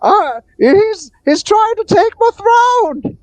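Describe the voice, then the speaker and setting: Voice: very high-pitched, sing-song, slow pace, darkish tone, no room sound, pitched above the performer's own voice, full character voice. A game master voicing a panicky male king cat who squeals and pleads frantically. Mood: frantic.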